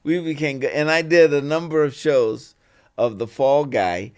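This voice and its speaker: Here a somewhat high, clear and resonant male voice moves at a moderate pace. He's an older guest actor in an interview, animatedly recounting stories and performing snippets of dialogue in character voices as casual storytelling.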